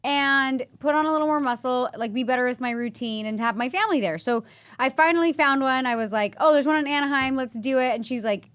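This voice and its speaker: A woman's voice: sits high, brisk, a bit bright. A woman hosting a podcast, chatting casually and rambling, tired and a bit loopy, laughing often. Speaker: podcast host.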